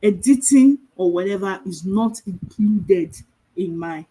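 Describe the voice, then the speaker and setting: A middle-aged woman, giving a calm motivational talk as a virtual assistant coach, telling stories and asking rhetorical questions. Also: mid-range voice, unhurried, a little hiss or hum, rough recording.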